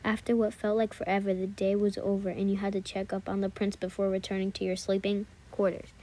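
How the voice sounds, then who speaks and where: Woman reading a fanfic out loud, mellow dark voice, flat and calm. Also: mid-range voice, a little fast. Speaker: story reader. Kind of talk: reading second-person fan fiction aloud.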